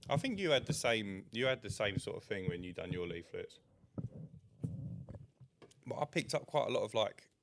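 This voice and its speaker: A man speaks in a very deep, gravelly voice. He chats bluntly on a podcast and swears casually as he talks business. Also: very animated, moderate pace, long pauses, background noise. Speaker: podcast co-host, window cleaner. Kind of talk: casual chat.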